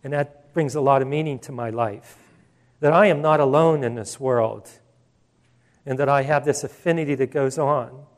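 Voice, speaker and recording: A man's voice: mid-range voice, normal speed. A male pastor preaching a sermon in an emphatic, conversational way, with asides and restarts.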